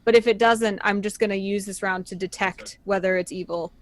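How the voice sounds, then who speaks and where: A woman's voice: medium pitch, fairly even intonation, a little fast, dry recording. A woman playing a tabletop game, speaking hesitantly and asking questions as she goes. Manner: hesitant, asks questions, trails off. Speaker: player.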